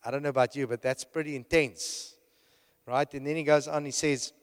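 A man's voice: medium pitch, steady tone, brisk. A man preaching a sermon to a congregation. He talks emphatically, repeats and restarts his phrases, and keeps checking in with his listeners. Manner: rhetorical, keeps checking in with "right?". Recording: long hall reverb.

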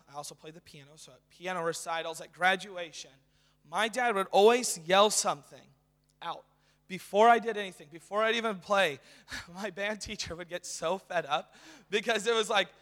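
Young male preacher, high bright voice, casual and excited sermon, long church reverb. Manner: casual, excited, with many fillers. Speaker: guest preacher. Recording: reverberant hall.

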